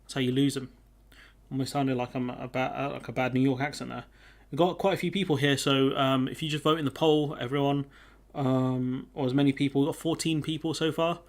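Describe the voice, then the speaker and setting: A man's voice: medium pitch, level tone, brisk. A man hosting a casual live stream, chatting with viewers and reading their comments aloud. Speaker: livestream host.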